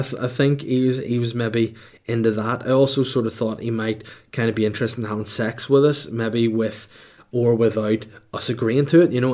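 A man tells a comic story in a loose, rambling way. He laughs often and swears freely, and his pitch sits in a middle range. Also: a little mellow. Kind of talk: comedic storytelling.

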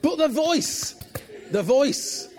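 A middle-aged man, preaching and praying with animated, humorous storytelling in a church. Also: very high voice, very slow. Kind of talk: sermon.

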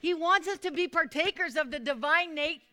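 A woman preaching a sermon to a small group, repeating phrases and calling for responses, sometimes bursting into loud, fervent exclamations. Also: extremely high pitch, a little fast. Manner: repetitive, calls for responses from listeners.

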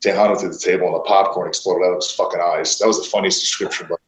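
Low-voiced profane wrestler in echoey room. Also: male voice, steady tone, racing. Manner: profane, rambling with many fillers. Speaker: pro wrestler guest. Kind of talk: casual interview storytelling. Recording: roomy echo.

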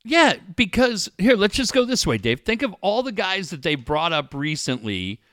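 A man's voice: sits high, normal speed, no echo, clean studio sound. A man co-hosting a casual sports talk show, telling stories and acting out quotes. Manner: animated storyteller, acts out quotes.

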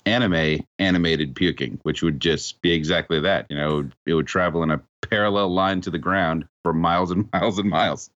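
A man's voice: low voice, steady tone, fairly quick, hardly any pauses, a bit bright, no echo, dull audio. A man telling jokes and riffing in profane, casual banter with friends. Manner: riffing storyteller, laughs, swears.

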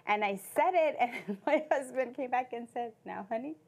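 Woman, slightly high voice, faith-based marriage talk, chatty, laughs lightly. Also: normal speed. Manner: warm, chatty, laughs between thoughts.

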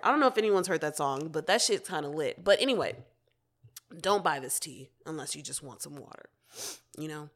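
A woman's voice: deep voice, expressive, a little fast, a bit bright. A young woman hosting her own podcast, talking candidly and casually, with frequent swearing. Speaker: podcast host. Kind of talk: casual solo podcast talk.

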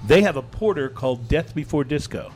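A man hosting a casual chat show, talking in a relaxed, halting way with many fillers and restarts. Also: on the high side, soft background music. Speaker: podcast host.

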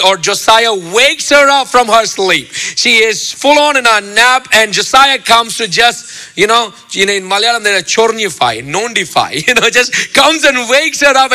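A man's voice: very high voice, pushed and bright. A man in his thirties preaching a sermon, chatty and joking with the congregation, with lots of fillers and restarts. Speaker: pastor.

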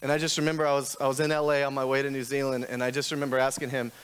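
A man's voice: medium pitch, level tone, racing, smooth. A man preaching a sermon as pastor, talking candidly and conversationally with frequent restarts, building to emphatic questions.

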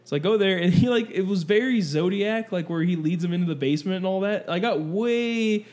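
A man's voice: high voice, fairly quick. A young man from Southern California telling a rambling story in casual chat, acting out the voices of the people in it. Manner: rambling, animated storyteller, acts out quoted voices.

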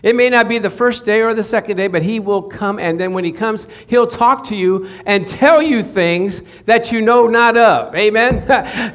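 A man preaching a casual, lively sermon in a high voice, tossing questions to the people in front of him and chuckling as he drives each point home. He speaks in an easy, conversational way rather than a formal pulpit tone. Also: moderate pace. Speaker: pastor. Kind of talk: sermon to a small congregation.

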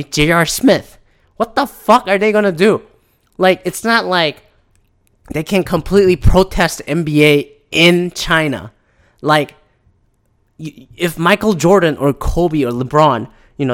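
A man with a somewhat high-pitched voice rants in a heated, profane, casual way. He keeps slipping into mocking voices to imitate others. His delivery is loose and worked up. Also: fairly bright tone. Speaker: commentator. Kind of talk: ranting casual commentary.

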